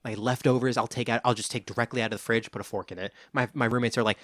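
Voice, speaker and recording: Casting: young male podcast co-host, laid-back and profane, medium pitch, dry close-mic sound. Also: steady tone, very fast, a bit bright, no echo. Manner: laid-back, swears often, frequent restarts. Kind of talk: casual chat.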